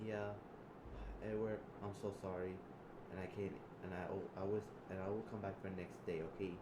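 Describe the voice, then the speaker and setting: Rambling man in an echoey, noisy room. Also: low voice. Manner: halting and rambling, repeats words, bursts of loud excitement. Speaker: role-play player. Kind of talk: improvised role-play with a chatbot. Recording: echoey room with background noise.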